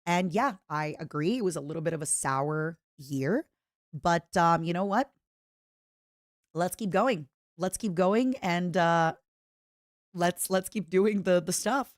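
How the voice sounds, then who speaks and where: A woman's voice: lowish voice, lively intonation, slow pace, dry recording, studio quality. A woman streamer chatting casually and reading viewer letters aloud, in a playful, self-mocking way.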